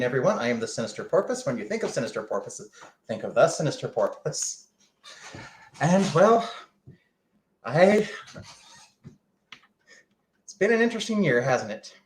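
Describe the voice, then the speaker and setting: A man's voice: on the high side, very animated, moderate pace, long pauses. Dry mock-grand man, echoey room. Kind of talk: casual livestream chat. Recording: echoey room with faint noise.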